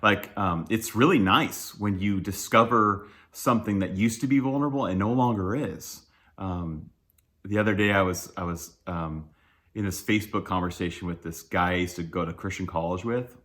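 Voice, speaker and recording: Candid, lowish-voiced male church speaker. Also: normal speed, a bit bright. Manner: candid, self-deprecating, chuckles often; loose with many fillers and restarts. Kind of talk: conversational sermon.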